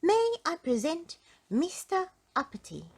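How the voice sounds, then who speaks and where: A woman doing a squeaky, gleeful little goblin. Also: huge pitch swings, measured pace, darkish tone, heavily acted. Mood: grand. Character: cheeky high-pitched little male goblin.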